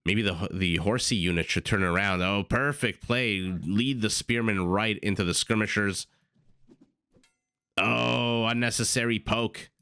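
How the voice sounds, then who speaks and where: A man casting a strategy video game match with excitable play-by-play, quick asides and self-corrections. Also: fairly low pitch, no room sound, clean studio sound. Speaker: esports caster. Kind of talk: live play-by-play commentary.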